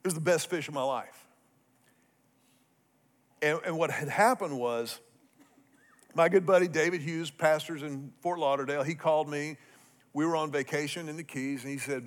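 Middle-aged male pastor, lively humorous sermon storyteller, voice a touch high. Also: normal speed, long pauses. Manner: animated, humorous storyteller with swings in loudness.

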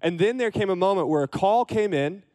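A man's voice: sits high, animated, fairly quick, a little mellow. Chatty young man giving a youth sermon. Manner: chatty and self-deprecating, with many fillers and restarts. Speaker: youth ministry director. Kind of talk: casual storytelling sermon.

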